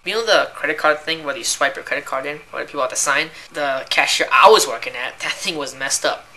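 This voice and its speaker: Speaking briskly in a low, sharp voice, a young woman who works as a cashier vents about irritating customers. Her rant is casual, rambling, and exasperated, heavily sprinkled with "like" and "right?"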